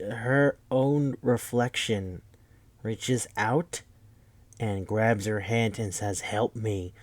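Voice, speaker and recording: A man's voice: fairly low pitch, no room sound. Rambling, profane man recapping a movie. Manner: rambling, profane, acts out characters' lines. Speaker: podcast host.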